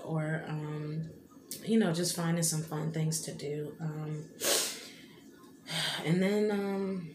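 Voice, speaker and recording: A woman in her thirties speaks to her vlog viewers in a low, level voice, rambling with plenty of "you know what I mean." She sounds tearful and emotional. The room is echoey, with a clear hum of noise behind her. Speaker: vlogger. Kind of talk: casual heartfelt vlog talk.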